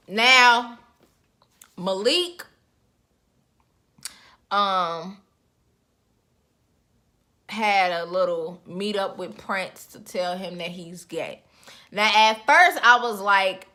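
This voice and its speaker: A young woman talks straight to her viewers in loose, chatty commentary. Her voice has a bright, sharp edge and leaps higher whenever she gets worked up. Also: extremely slow, long pauses. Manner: chatty, expressive, with sudden pitch jumps. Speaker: reality TV reviewer. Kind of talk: casual chat.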